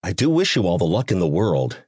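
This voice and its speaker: A man's voice: deep voice, very animated, fairly quick, darkish tone, breathy edge, dry recording, studio quality, heavily acted. A man voicing an impatient male vampire king who talks bluntly and curtly. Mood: formal. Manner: blunt, curt and exasperated.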